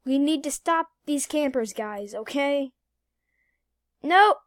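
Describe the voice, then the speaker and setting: A young woman giving casual, excitable commentary over her gameplay, repeating phrases and jumping between hushed whispers and loud outbursts. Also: high voice, unhurried, no room sound, studio quality. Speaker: gaming YouTuber.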